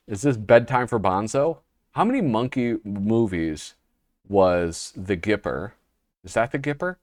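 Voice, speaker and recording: Wry low-voiced man reading comics aloud. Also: expressive, measured pace, darkish tone, no echo, clean studio sound. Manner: wry, rambling, reads panels aloud in put-on voices. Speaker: host. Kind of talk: casual commentary flipping through a magazine.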